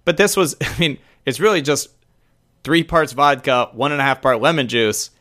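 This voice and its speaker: A man's voice: mid-range voice, moderate pace, fairly bright tone. A man co-hosting a podcast over a remote call, chatting casually with a joking, rambling manner. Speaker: podcast co-host. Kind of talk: casual chat.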